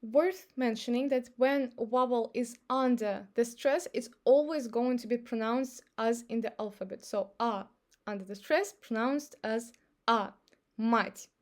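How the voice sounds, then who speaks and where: A woman with a Russian accent teaching pronunciation, speaking clearly and patiently and modelling words slowly for her listeners to repeat. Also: on the high side, darkish tone. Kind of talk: pronunciation lesson.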